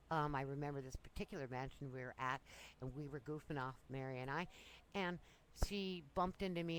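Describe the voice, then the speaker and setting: A woman's voice: low-pitched, slight background noise, rough recording. A woman casually telling breezy, self-amused stories from her younger years. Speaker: storyteller. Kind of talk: casual personal storytelling.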